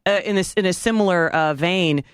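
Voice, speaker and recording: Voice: mid-range voice, fairly quick, clear, resonant tone, no echo. Give me a chatty, upbeat podcast co-host with a mid-range voice. They talk casually and laugh easily. The sound is close and dry.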